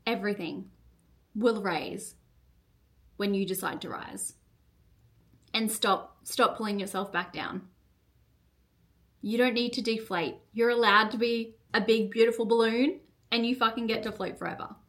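A woman's voice: fairly high pitch, steady tone, measured pace, pauses often. A young woman hosting a solo motivational podcast as a coach, fiery and full of swearing and "like" fillers. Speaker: podcast host and business coach.

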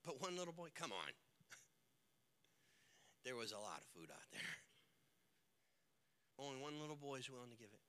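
A male pastor preaching a sermon, swinging from hushed lines to shouted ones and acting out the people in his stories. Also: medium pitch, very animated, moderate pace, pauses often, clear, resonant tone. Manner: acts out quoted characters in the stories. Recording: long hall reverb.

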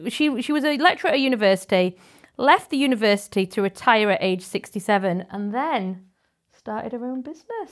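A woman hosting a podcast from her living room, chatty and quick to laugh. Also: fairly high pitch. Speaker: podcast host. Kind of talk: casual chat.

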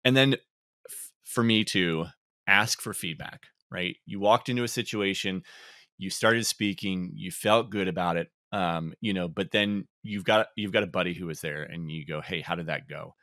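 A man co-hosting a podcast in casual chat, relaxed and reflective, with frequent ums and laughs. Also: low-pitched, normal speed, no room sound, clean studio sound. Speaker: podcast co-host.

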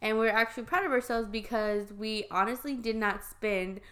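A woman who works as a teacher, co-hosting a casual chat podcast, relaxed and chatty, adding corrections and asides. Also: a little high, moderate pace.

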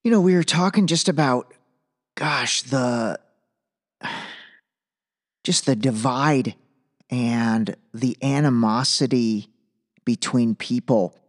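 A man's voice: medium pitch, slow, long pauses. Chatty male podcast host, reverberant room. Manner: loose, chatty, jokey asides. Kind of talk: casual solo podcast commentary.

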